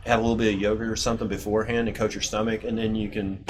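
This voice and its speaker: Fast-talking joking male host. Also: fairly low pitch, little pitch movement, noisy background. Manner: joking, quick banter with fillers. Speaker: show host. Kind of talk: casual chat.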